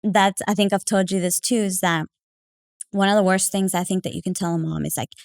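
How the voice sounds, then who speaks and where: A woman's voice: medium pitch, fairly quick, vocal fry, dry recording. Chatty woman telling stories, dry sound. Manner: chatty, full of fillers like "like" and "you know"; animated, acting out quoted remarks. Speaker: podcast guest. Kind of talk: casual conversational storytelling.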